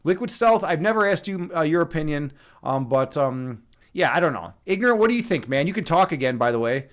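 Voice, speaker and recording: A man's voice: on the high side, animated, fairly quick. A young man hosting a casual livestream, chatting with viewers in a rambling, joking, absurdist way full of fillers and restarts. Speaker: livestream host and meditation instructor.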